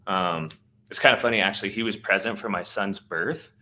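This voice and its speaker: A man's voice: fairly low pitch, brisk, sharp tone, slight background noise. A man hosting a podcast, telling a long story in a slangy, laid-back way with lots of fillers. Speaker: podcast host. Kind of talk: casual storytelling.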